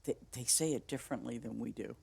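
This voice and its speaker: A woman's voice: very deep voice, steady tone, fast talker, creaky, darkish tone, husky. A woman with a Boston accent chatting casually with her stream viewers in a rambling, easygoing way, laughing often. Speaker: game streamer.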